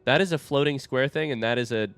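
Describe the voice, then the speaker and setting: A young man commentating his own blind playthrough of a video game, awestruck and excitable, swearing when surprised. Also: medium pitch, fast, clean tone. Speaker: gaming streamer. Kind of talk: live gameplay commentary.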